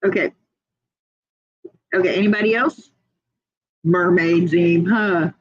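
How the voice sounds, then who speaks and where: A woman's voice: fairly low pitch, fairly even intonation, takes it slowly, dry recording, highs cut off. A woman hosting a casual livestream, chatting, laughing often and reading viewer comments aloud. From United States. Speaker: livestream host.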